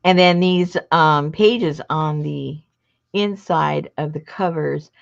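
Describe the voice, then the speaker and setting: Crafting-show host, woman, low gravelly voice, rambling chat, lo-fi sound. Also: slow pace. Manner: rambling, chatty, self-interrupting. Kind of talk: casual chat while crafting.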